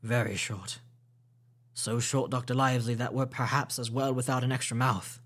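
Guy reading a gruff stubborn old sea captain, blunt clipped sailor talk, storybook style. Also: mid-range voice, steady tone, moderate pace, natural voice. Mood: steady, blunt. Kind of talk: audiobook reading.

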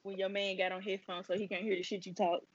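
A woman's voice: medium pitch, level tone, fast talker. A woman from Mississippi with a Mississippi accent, in a profane, laughing casual group chat over a video call. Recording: dull lo-fi call audio with faint noise.

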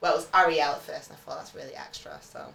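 Young woman chatting, bouncy pitch, kinda hesitant, echoey room. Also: fast, gravelly, distant mic, a crowd in the background. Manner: laughing, hesitant, animated. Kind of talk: casual chat. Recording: roomy sound with faint ambience.

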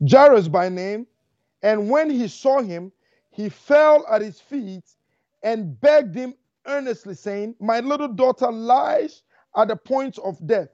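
A man preaching a fervent sermon, talking fast and repeating lines for emphasis. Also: extremely high pitch, lively intonation, a little mellow, dry recording. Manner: fast, rushing delivery. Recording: dull lo-fi dry recording.

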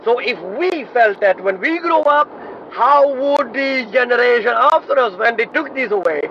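High-pitched man raised in Sweden, rambling casual talk, dull recording with faint traffic behind. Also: lively intonation, normal speed. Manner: rambling, many fillers and restarts. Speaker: speaker on immigrant identity. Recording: dull audio, faint street noise.

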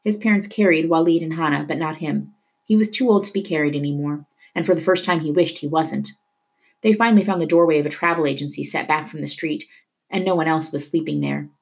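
A woman reading a novel aloud with steady storytelling narration. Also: low-pitched, a little fast, vocal fry. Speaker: reader.

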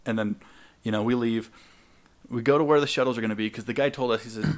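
A man's voice: medium pitch, fast talker. A young man co-hosting a podcast, telling a long story casually and acting out the people he quotes with lifts in his voice. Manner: animated, acts out quoted people in raised voices. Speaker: podcast co-host.

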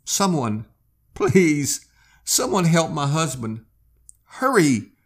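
A man's voice: sing-song, takes it slowly, a bit bright, full character voice. A man voicing a frightened young pioneer wife, pleading and anxious in a raised voice. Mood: screaming panic. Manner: anxious, pleading, raised falsetto-ish pitch.

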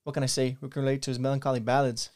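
Quick-talking guy in a podcast comedy skit, rambly and excitable. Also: mid-range voice. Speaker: podcast co-host. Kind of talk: comedic movie-parody skit.

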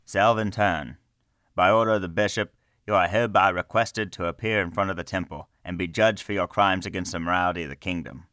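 A man's voice: low voice, fairly even intonation, moderate pace, bright, forceful tone, no echo, clean studio sound. A man playing a stern temple guard. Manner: firm, official, commanding. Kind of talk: audiobook character voice.

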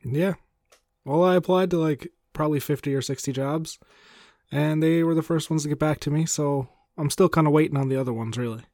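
A man's voice: fairly high pitch, a little fast, a little mellow, no echo, studio quality. A young man co-hosting a podcast in casual chat, hesitant and wry, trailing off with fillers. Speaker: podcast co-host.

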